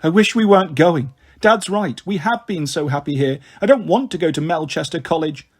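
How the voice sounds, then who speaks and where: A man's voice: fairly high pitch, lively intonation, normal speed. A man reading aloud, voicing a bold, cheeky teenage girl who teases her little sister in a storybook. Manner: cheeky, teasing.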